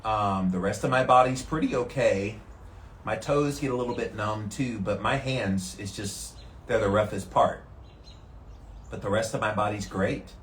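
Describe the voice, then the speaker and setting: A man vlogging from an ice bath, talking calmly and steadily to the camera. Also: lowish voice, moderate pace, reverberant, a little hiss or hum. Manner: calm and steady, relaxed despite the cold. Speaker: vlogger doing a daily ice bath challenge. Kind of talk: casual talk to camera. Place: sitting in an ice bath tank.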